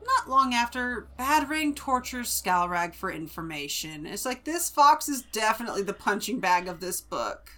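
A woman co-hosting a casual book-club podcast, animated and given to loud exclamations. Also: mid-range voice, moderate pace, few pauses. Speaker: podcast co-host.

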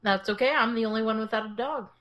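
A woman's voice: fairly high pitch, fast talker, fairly bright tone. A woman co-hosting a casual podcast, chatty and giggly, who often laughs through her sentences. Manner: giggly, chatty, acts out quotes. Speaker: podcast co-host. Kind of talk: casual chat.

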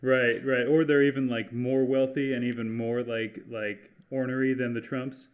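A man's voice: medium pitch, level tone, moderate pace. A man co-hosting a podcast, talking in a laid-back, joking, casual way. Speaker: podcast co-host.

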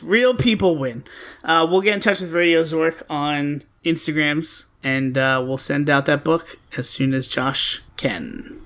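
Bright-voiced man joking on a podcast. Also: a little high. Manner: joking, profane, teasing. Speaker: podcast co-host. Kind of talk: casual podcast banter.

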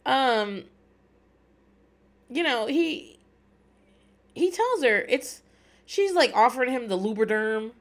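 A middle-aged woman with a slightly high voice talks loosely and animatedly as a casual show host. She swears freely, laughs between thoughts and drifts into rambling asides. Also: very animated, slow pace, long pauses. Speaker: podcast host recapping reality TV. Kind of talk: casual chat.

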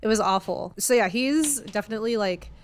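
A woman's voice: medium pitch, expressive, slight background noise. Giggly woman in casual chat. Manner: laughing, halting, short agreements. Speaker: podcast co-host.

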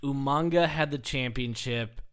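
Male co-host, mid-pitched, casual chat, animated storyteller who laughs a lot. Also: measured pace, clear, resonant tone. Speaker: podcast co-host.

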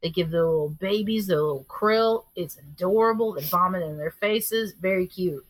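Animated, swearing woman telling a story. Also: lowish voice, moderate pace, dry recording. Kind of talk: casual chat.

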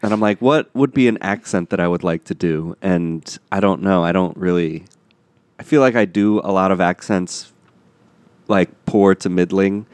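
A man's voice: deep voice, moderate pace, a little mellow, no room sound. A man co-hosting a comedy podcast, rambling and self-deprecating in playful improv banter. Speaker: podcast co-host.

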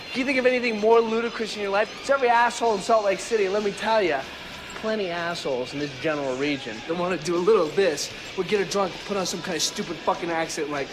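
An actor playing an angry young punk narrator who rants bitterly and swears a lot, in a film clip. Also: male voice, high voice, noisy background. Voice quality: fast ranting, profane. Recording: film audio with music behind. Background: music.

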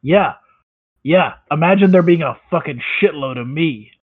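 A man's voice: fairly high pitch, expressive, normal speed, dry recording. A man playing in a tabletop game, talking in a wry, blunt, joking way. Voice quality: husky. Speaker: player. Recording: tinny phone-like line.

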